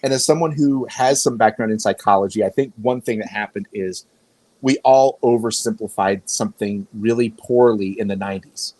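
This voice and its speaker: A man's voice: fairly low pitch, normal speed, darkish tone, dry recording, poor audio. A man speaking as a guest in a casual conversation, his voice recorded close and dry with no room around it. He rambles through his stories and often stops to restart a sentence. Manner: rambling, self-correcting storyteller. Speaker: podcast guest.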